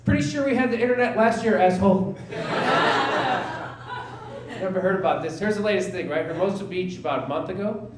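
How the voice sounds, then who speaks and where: A man's voice: high-pitched, brisk, pauses often, background noise. A man in his forties doing a stand-up comedy set on a theater stage, sarcastic and incredulous, acting out dialogue in mock voices. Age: 40s. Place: small theater stage with a live audience. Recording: roomy live theater sound with audience laughter.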